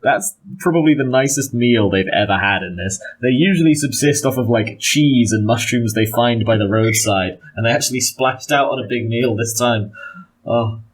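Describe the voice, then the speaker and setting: A man's voice: medium pitch, normal speed, breathy edge, low-quality recording. A man, the game master, chatting casually and laughing through a recap of the last session over a voice call. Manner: chatty, laughing, stammering restarts.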